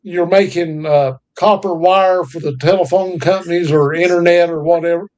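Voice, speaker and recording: A man's voice: fairly high pitch, fairly even intonation, normal speed, a little mellow, highs cut off. A man from North Carolina, co-hosting a casual podcast chat in a folksy storytelling way. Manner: folksy, drawling storyteller with country sayings. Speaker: podcast co-host.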